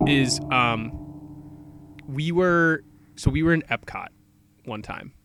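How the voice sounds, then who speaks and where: A man's voice: medium pitch, slow pace, a bit bright. A young man co-hosting a casual chat podcast, joking and laughing often. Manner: joking, laughs often, does silly voices. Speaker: podcast co-host.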